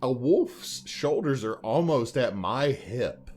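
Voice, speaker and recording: A man's voice: medium pitch, animated, slow, a little mellow. A man co-hosting a podcast in casual chat, rambling and joking as he talks. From Louisiana. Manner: rambling, joking, puts on silly voices. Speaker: podcast co-host.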